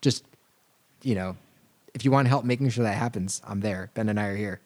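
A man's voice: on the low side, fairly quick, a little mellow. A man from Virginia co-hosting a podcast, chatting casually and rambling with fillers and restarts. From Virginia, USA. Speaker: podcast co-host.

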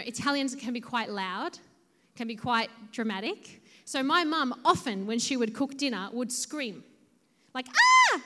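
A woman's voice: a little high, fairly bright tone. A young woman giving a chatty sermon, telling a personal story with many fillers. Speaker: preacher. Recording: long hall reverb.

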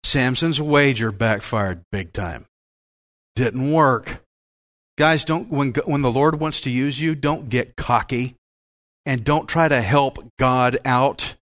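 A man preaching a Bible-teaching sermon as pastor, in a folksy, joking and animated way. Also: mid-range voice, takes it slowly.

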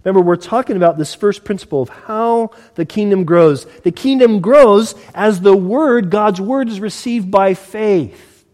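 A man's voice: high-pitched, measured pace, darkish tone. A man preaching a conversational sermon as pastor, acting out little scenes in different voices. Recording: long hall reverb.

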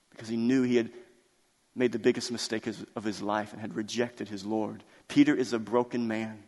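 A man delivers a sermon in a large church hall, his medium-pitched voice trailing off into a long reverb. He retells the scripture story with drama, slowing down and swelling in volume on his key points. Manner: dramatic retelling, builds to loud, drawn-out emphasis. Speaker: pastor.

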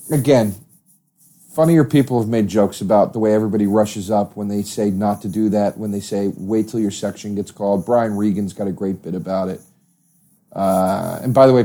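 A man from South Jersey hosting a podcast, ranting profanely in a casual comedic monologue, swinging from loud outbursts to low muttering. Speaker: podcast host.

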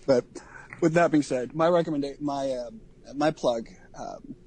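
A man co-hosting a podcast, talking casually in a halting way with many ums and restarts. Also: mid-range voice, darkish tone. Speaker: podcast co-host.

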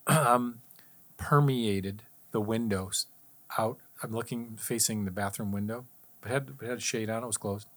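A middle-aged man tells his faith testimony in an easy, conversational way. His voice sits a little low, and he acts out his own pleas as he goes. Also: fairly bright tone. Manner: earnest storyteller, reenacts his own pleas. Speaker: guest sharing testimony.

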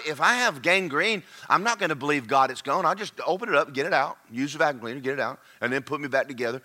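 Preacher guy, high bright voice, folksy and fiery, jumps from hushed to yelling. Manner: folksy, fervent preaching that swings from quiet asides to shouting. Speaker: pastor. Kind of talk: sermon.

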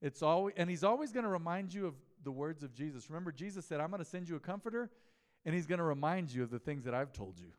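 Chatty pastor in a reverberant church hall. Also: male voice, a little high, expressive, quick pace. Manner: conversational, storytelling, asks the congregation questions. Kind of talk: mid-week sermon. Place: church sanctuary.

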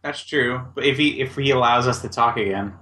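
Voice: medium pitch, a little fast, bright, forceful tone, husky. A player in a tabletop game, talking casually and thinking aloud.

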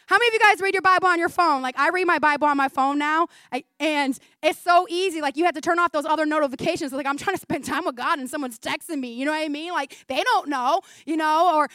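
A woman in her forties preaching a sermon in a church, talking fast and chatty with frequent laughs. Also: high-pitched, bright, forceful tone, dry recording, studio quality. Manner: fast, chatty, laughing often, says 'like' a lot.

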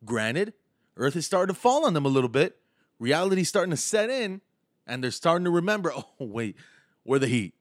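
A man's voice: high voice, sing-song, a little fast, no room sound, studio quality. A man with a slight lisp hosting a podcast, delivering a sarcastic, mocking comedic rant. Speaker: podcast host and stand-up comedian.

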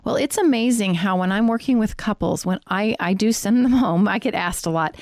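A woman's voice: medium pitch, brisk, a little mellow, no echo, clean studio sound. A middle-aged woman sex therapist, frankly and explicitly explaining a faith-based teaching on sexuality.

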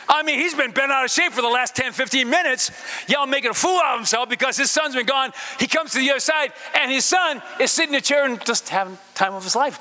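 A man preaching a sermon and telling a story, halting and repeating words, swinging between loud and hushed. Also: high-pitched. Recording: echoey hall reverb.

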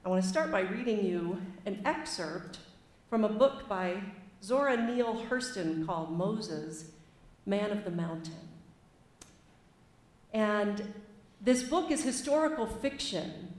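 A woman's voice: mid-range voice, expressive, slow pace, a little mellow. A woman preacher giving a sermon in an earnest, conversational, slightly self-deprecating way. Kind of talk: sermon with a reading. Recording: echoey room.

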